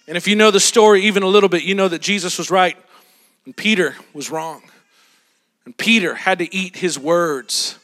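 Animated guy preaching, sharp bright tone, really acts the story out. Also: high voice, normal speed. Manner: animated, dramatic storytelling with acted-out quotes. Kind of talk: sermon.

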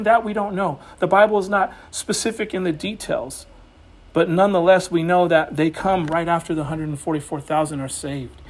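A man with a notably high voice preaches to his church. He speaks in a loose, folksy way, scattering "you know" through his sentences as he goes from chatty remarks to reading scripture. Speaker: pastor. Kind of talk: conversational sermon. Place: church building.

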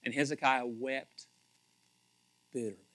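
A man preaching a sermon in a conversational, animated way, repeating himself and swinging between loud emphasis and quiet asides. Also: medium pitch, measured pace. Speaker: pastor.

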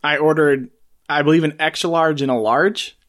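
A man's voice: on the high side, steady tone, normal speed, fairly bright tone. A laid-back man co-hosting a casual movie podcast. He answers in short, dry lines and lets his friend carry the jokes. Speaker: podcast co-host. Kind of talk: casual chat.

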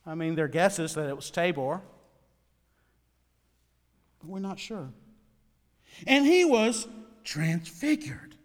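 A man preaching a sermon as a pastor, animated, with dramatic swings between soft and loud. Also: on the high side, takes it slowly, long pauses, long reverb tail.

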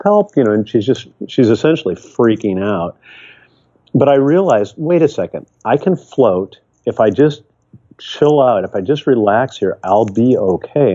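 A man's voice: lowish voice, dark tone. An older man from Michigan, a podcast guest, telling a personal story in an earnest, rambling way with frequent restarts. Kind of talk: reflective storytelling. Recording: dull lo-fi remote audio.

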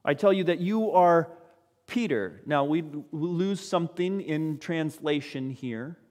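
A man preaching a sermon as a pastor, speaking in a lively way to his congregation. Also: on the high side, slow pace, in a large hall.

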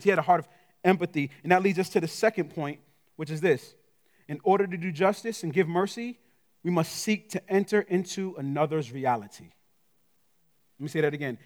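A middle-aged man delivers a sermon from a church pulpit with a fairly high-pitched voice. He speaks in a colloquial, conversational way, asking the congregation direct questions. His volume swings between loud, emphatic passages and hushed, quiet asides. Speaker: guest pastor. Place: church sanctuary.

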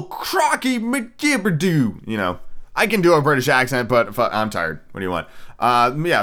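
A man's voice: mid-range voice, sharp tone, clear, resonant tone. A young man hosting a podcast, rambling through a casual movie review, swearing and cutting himself off mid-sentence. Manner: rambling, profane, self-interrupting. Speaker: podcast host.

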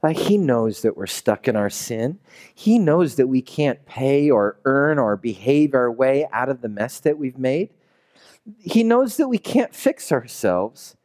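With a medium pitch, big swings in intonation, a measured pace and a darkish tone, a pastor preaches his sermon. He keeps it loose and conversational, slipping into characters as he tells the story.

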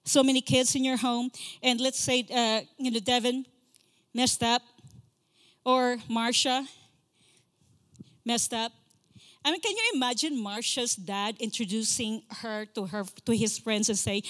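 A woman preaching a sermon as a guest speaker, impassioned, repeating key phrases and slowing down to stress scripture. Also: a little high, a bit bright. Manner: slows to stress scripture lines. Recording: long reverb of a large hall.

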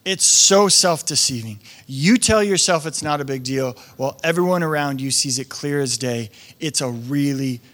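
A man preaching a conversational sermon as pastor, slipping into quick acted-out voices of the people he describes. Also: medium pitch, fairly bright tone. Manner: conversational, acts out quoted voices.

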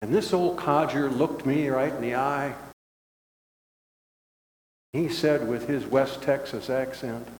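A man's voice: medium pitch, takes it slowly, long pauses, a little mellow. An older man preaching a sermon as pastor, folksy and conversational, recorded in a church sanctuary. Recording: echoey church hall.

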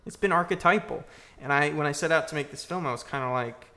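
A man's voice: a little high, fast, bright, forceful tone. A man, a filmmaker, answers audience questions after a screening in a church, reflective and searching for his words.

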